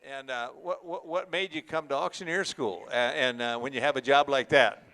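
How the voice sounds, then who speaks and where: Man emceeing an auction, folksy joking manner, clear bright voice. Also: medium pitch, moderate pace. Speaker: auction school instructor and emcee.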